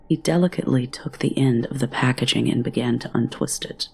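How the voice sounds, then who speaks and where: A woman narrating a horror story in a measured, often whispery way. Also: a bass voice, steady tone, gravelly, slightly rough.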